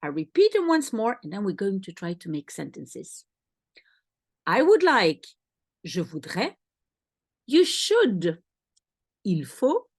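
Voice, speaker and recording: Slow, lively woman teaching a lesson. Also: mid-range voice, breathy edge, no echo, studio quality. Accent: Belgian Dutch. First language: Dutch. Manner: slow, carefully spaced explanations with example phrases repeated. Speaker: language teacher. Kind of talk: recorded language lesson.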